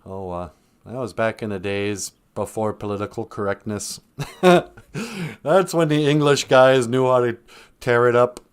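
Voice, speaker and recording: A man's voice: mid-range voice, measured pace, clear, resonant tone. A man hosting a live-stream podcast in casual, rambling chat, joking, laughing often and acting out quoted lines.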